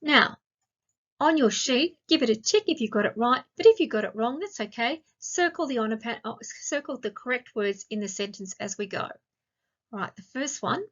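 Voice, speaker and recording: An Australian woman teaching a grammar lesson to young children, speaking slowly and clearly and asking lots of questions. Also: on the high side, lively intonation. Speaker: primary school teacher. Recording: dull lo-fi sound.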